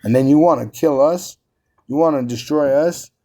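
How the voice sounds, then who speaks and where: A man's voice: on the high side, normal speed, warm tone. A man preaching and teaching from scripture, combative and profane, often repeating words as he drives his points home.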